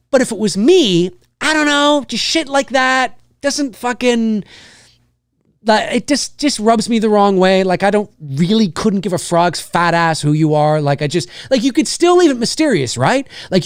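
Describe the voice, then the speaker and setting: Animated swearing man ranting, dry mic. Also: high voice, moderate pace, clean tone, no room sound. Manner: animated, swearing, rambling with restarts. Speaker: live show host. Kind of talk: casual profanity-laced rant.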